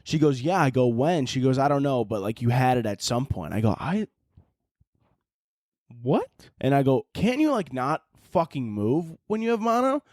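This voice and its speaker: A young man hosting a podcast, ranting profanely and swinging between yelling and mumbling. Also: mid-range voice, big pitch swings, moderate pace, no echo, studio quality. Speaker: podcast host. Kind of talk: casual comedic rant.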